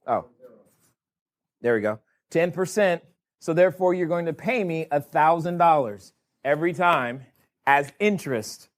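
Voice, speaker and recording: A man running a board game for a live seminar audience, teasing them with playful questions. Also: on the high side. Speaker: real estate educator running a board game. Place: event room in front of a live audience.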